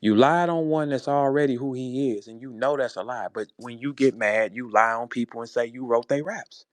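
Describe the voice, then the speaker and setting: A man with a St. Louis accent calling out a rival in a heated, profane monologue, tossing in "bro" and "man" and swinging from low muttering to loud high outbursts. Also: normal speed, dry recording. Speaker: battle rapper addressing a rival. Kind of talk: heated monologue on a live audio space.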